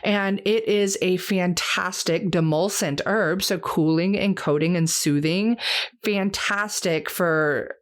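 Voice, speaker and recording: A woman's voice: on the low side, slow pace. A young adult woman hosting an herbal podcast, chatting casually and eagerly with lots of fillers. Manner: chatty, enthusiastic, many fillers.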